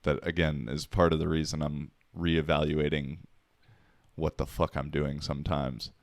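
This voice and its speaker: A man's voice: very deep voice, little pitch movement, normal speed, no room sound, studio quality. A man hosting his own podcast, talking alone in a rambling, profane, wisecracking way. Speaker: podcast host. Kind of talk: casual solo podcast monologue.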